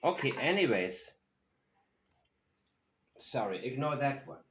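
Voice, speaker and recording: A man giving slow, analytical commentary on true-crime video clips. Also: mid-range voice, big pitch swings. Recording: roomy echo.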